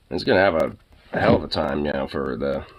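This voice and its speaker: A man's voice: very deep voice, lo-fi sound, noisy background. A man chatting casually to the camera about his dog, laid-back and profane, often chuckling. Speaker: vlogger filming his dog. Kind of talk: casual chat.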